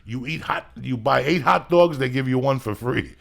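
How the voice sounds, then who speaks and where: A man's voice: medium pitch, normal speed, gravelly, a bit bright. A man, a podcast host telling rambling, profane stories in casual chat. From New Jersey.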